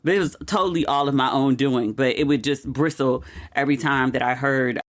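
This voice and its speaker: A woman hosting her own podcast, talking casually and candidly with frequent "like" asides, and getting emotional and animated over personal news. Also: extremely low pitch, a little fast. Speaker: podcast host. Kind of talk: casual chatty monologue.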